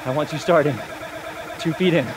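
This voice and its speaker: High, fired-up male fitness coach. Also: normal speed, background noise. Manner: energetic, pushing and cheering the viewers on. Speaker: fitness instructor. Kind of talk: follow-along workout coaching.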